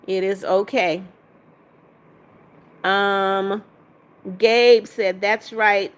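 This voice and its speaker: A woman's voice: medium pitch, fairly even intonation, very slow, clean tone. A woman hosting a casual livestream, reading viewers' comments aloud, greeting them and firmly sending out trolls. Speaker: livestream host.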